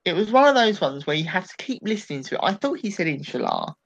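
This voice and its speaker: A man with an animated, rambling delivery, giving his take on a political debate in a casual podcast discussion. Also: high-pitched, fast, lo-fi sound. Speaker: political commentator.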